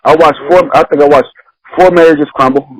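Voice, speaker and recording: A man's voice: on the high side, steady tone, fairly quick, rough recording. A man talking on a casual podcast. He laughs often, swears freely and acts out the people in his stories. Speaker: podcast host.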